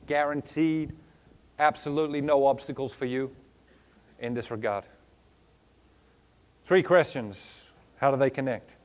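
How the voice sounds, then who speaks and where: A motivational speaker with a foreign accent addresses a live audience from the stage in a mid-range voice, unhurried and with long pauses. He rattles off rhetorical questions and lists of words, mixed with playful teasing.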